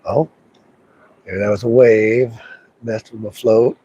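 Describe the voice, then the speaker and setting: A man's voice: fairly low pitch, fairly even intonation, takes it slowly, dark tone, husky, lo-fi sound. A man casually talking through a fishing session outdoors by a river, chatting to himself and to the fish. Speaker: fishing livestreamer. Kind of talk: casual live commentary while fishing.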